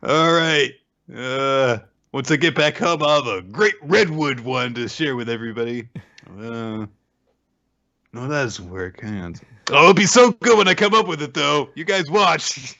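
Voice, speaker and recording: Man doing an excitable young hero, keen to please, gravelly edge, dull lo-fi audio. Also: mid-range voice, measured pace, heavily acted. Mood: eager. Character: eager young male hero, pun-obsessed.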